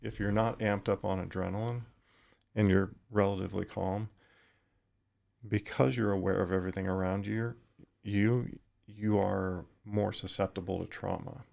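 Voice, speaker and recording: Speaking as a guest on a podcast, a retired firefighter in middle age reflects thoughtfully with frequent pauses and restarts. His heavily gravelly voice stays low, with little change in pitch, and his tone remains level and even.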